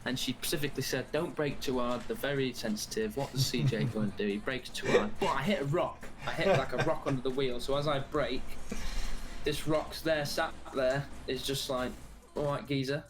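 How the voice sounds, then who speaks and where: A man's voice: medium pitch, normal speed, music in the background. A man, a streamer guest telling rambling stories with swearing in a casual podcast chat. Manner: rambling anecdotal storytelling with frequent swearing.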